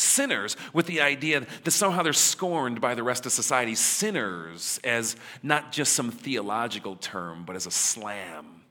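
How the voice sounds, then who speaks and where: A male preacher speaks in a bright, forceful voice, casual and emphatic by turns, leaning on pauses for effect. A long hall reverb follows every phrase. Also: medium pitch. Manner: conversational and emphatic, with dramatic pauses. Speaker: pastor. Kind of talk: sermon.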